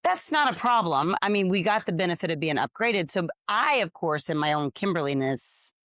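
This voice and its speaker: A woman's voice: lowish voice, big pitch swings, a little fast, a bit bright, dry recording, clean studio sound. A woman co-hosting a podcast, telling a story with energy and acting out the other people's lines. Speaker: podcast co-host. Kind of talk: casual storytelling chat.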